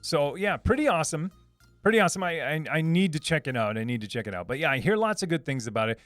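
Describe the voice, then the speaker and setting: A man's voice: a little high, lively intonation, quick pace, fairly bright tone, no echo, faint music behind. Upbeat man chatting on a live stream. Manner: upbeat, repeats words, many fillers and restarts, laughs often. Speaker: livestream host reading chat. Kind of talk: casual live chat.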